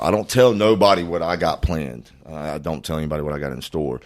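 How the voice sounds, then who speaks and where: A man's voice: rumbling low, fairly quick. A man from Florida, telling a long story in casual, profane, rambling podcast chat. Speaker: podcast guest.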